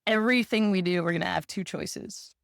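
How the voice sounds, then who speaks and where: A woman in a casual conversation, reflective and animated as she tells a story. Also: fairly low pitch, brisk, vocal fry, dry recording, clean studio sound. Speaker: podcast co-host.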